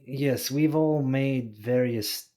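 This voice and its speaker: Man, tabletop player, impatient, mid pitch, casual chat. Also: slow, mellow. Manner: impatient, tries to move things along. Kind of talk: casual tabletop game banter.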